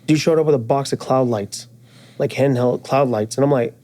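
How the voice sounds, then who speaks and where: A man's voice: medium pitch, moderate pace, mellow. A man being interviewed at a trade show, telling stories in casual slang with fillers and swearing, acting out quoted friends in a raised voice. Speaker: guest, firearms and jiu-jitsu instructor.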